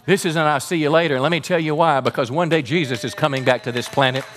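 A man's voice: medium pitch, quick pace, fairly bright tone, soft background music. A man preaching a sermon as pastor, fervent and calling on the congregation to respond.

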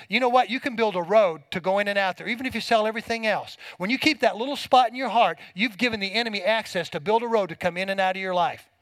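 A man's voice: high-pitched, a bit bright, dry recording, rough recording. A middle-aged man preaching a sermon to a congregation, folksy and emphatic, with homespun everyday examples. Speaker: pastor.

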